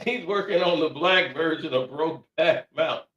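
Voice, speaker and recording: A man's voice: on the high side, normal speed, fairly bright tone, lo-fi sound. A man doing comedic commentary, laughing often and reading quotes in mocking voices. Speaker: commentary streamer. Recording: echoey room, far from mic.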